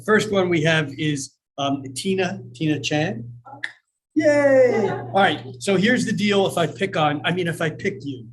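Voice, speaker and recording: A man's voice: a little high, poor audio. A man hosting a live astrology evening, telling stories and chatting in a rambling, self-deprecating way full of fillers, at a coffeehouse event. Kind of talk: casual live talk and storytelling.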